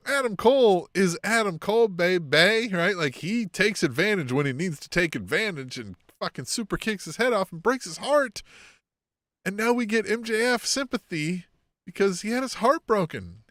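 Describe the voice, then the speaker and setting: Male co-host, fairly high and very lively pitch, dry close sound, laughs and swears. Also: dry recording. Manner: laughing, profane, quick to chime in. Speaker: podcast co-host. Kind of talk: casual wrestling podcast chat.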